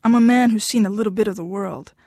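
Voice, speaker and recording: A woman's voice: medium pitch, fast, mellow, no room sound, clean studio sound, lightly acted. A woman voicing an insistent, possessive husband from Mexico in an audiobook, pleading and turning tearful. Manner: insistent, wheedling, turns tearful. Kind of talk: audiobook dialogue.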